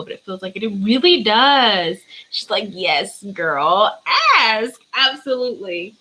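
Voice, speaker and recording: A woman's voice: medium pitch, sharp tone, slight background noise, low-quality recording. A woman, chatting casually on a livestream as a spiritual reader, answering viewers' questions in a playful, easily sidetracked way. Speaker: spiritual reader hosting a live Q&A.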